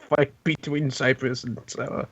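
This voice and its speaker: A man's voice: mid-range voice, flat delivery, unhurried, fairly bright tone, slightly rough, no echo. A man playing a tabletop game who makes teasing, playful remarks. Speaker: player. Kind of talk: casual joking commentary in a tabletop game. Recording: dull lo-fi stream audio.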